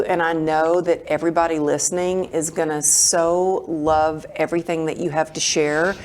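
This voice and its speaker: Hosting a podcast interview, a woman introduces and questions her guest with effusive enthusiasm and emotional reactions. Her voice is deep and darkish, with a level tone and a moderate pace that leaves hardly any pauses.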